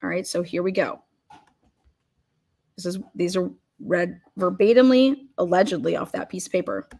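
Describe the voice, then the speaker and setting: A woman hosting a show, pausing a replayed court recording to comment in an indignant, emphatic way and repeating her words. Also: fairly low pitch, gravelly, a little mellow, a little hiss or hum. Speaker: show host.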